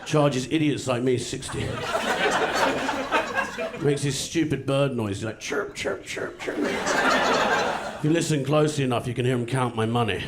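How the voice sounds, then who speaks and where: A man doing a stand-up comedy routine on a club stage, with a sardonic, deadpan delivery and crude jokes. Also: mid-range voice, unhurried, pauses often. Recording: noisy live club recording. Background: audience laughter.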